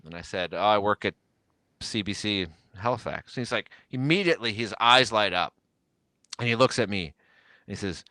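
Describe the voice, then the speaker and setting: A man with a lowish voice recounts a story in an easygoing, conversational way. He drops into brief voices when he quotes others, and the sound is dry and close to the mic. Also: moderate pace, sharp tone, dry recording. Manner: laid-back, quoting others in little voices. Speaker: podcast guest. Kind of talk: casual storytelling.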